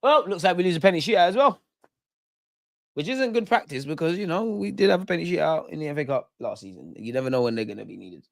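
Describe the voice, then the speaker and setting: Young guy yelling at penalty takers on a live watch-along, dry close sound. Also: a little high, fast talker, creaky, no echo. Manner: heckling, excitable, mocking penalty takers. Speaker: football fan channel host.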